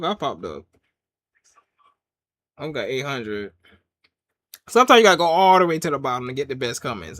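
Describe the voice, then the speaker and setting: A man reviews a wrestling show in a loose, joking ramble, his pitch leaping up and down. His voice sits fairly high for a man and comes across close and dry, as if he is sitting right at the mic. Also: fairly bright tone, dry recording. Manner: loose, joking rants with frequent laughs. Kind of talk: casual watch-along commentary.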